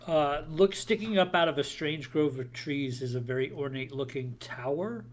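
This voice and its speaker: A man narrating as game master of a tabletop game, describing scenes in halting bursts with frequent restarts. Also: a little high, lively intonation. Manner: halting, many restarts and fillers.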